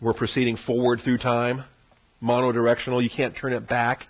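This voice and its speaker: On a dull lo-fi recording, a man with a mid-range voice leads a verse-by-verse Bible study at a brisk clip and with completely flat delivery. He keeps it conversational, often repeating words and checking in with "okay?".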